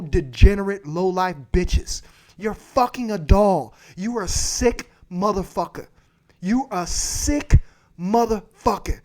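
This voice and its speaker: A man hosting a livestream, giving blunt, crude advice and repeating his points for emphasis. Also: high voice. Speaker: livestream host. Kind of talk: profane advice rant.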